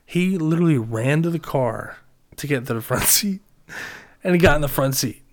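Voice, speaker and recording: A young man casually telling a story, swearing often and loudly acting out his friends' lines. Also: on the high side, lively intonation, moderate pace. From Reading, Pennsylvania.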